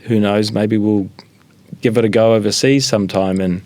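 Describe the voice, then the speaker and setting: A man's voice: on the low side, fairly even intonation, moderate pace, darkish tone. A middle-aged man from New Zealand, a business founder talking casually in an interview, telling stories with many fillers and restarts. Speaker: guest, sushi business founder.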